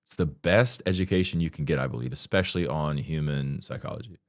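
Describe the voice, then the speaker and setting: A man's voice: very deep voice, fast talker, no room sound, studio quality. A man speaking as a podcast guest in a casual interview, blunt and candid, swearing freely and talking with earnest emphasis.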